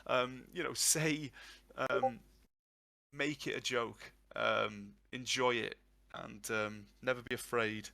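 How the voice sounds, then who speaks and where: A man whose first language is English, chatting casually and telling jokey, animated stories as a guest teacher. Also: mid-range voice, measured pace, creaky. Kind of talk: casual live chat. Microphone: online call audio.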